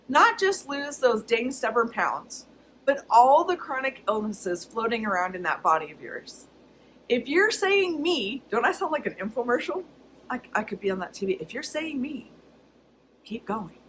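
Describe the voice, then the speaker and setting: A woman's voice: fairly high pitch, a bit bright, slight background noise, poor audio. A woman talking casually to her camera in a personal vlog, chatty and candid, often laughing. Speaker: vlogger.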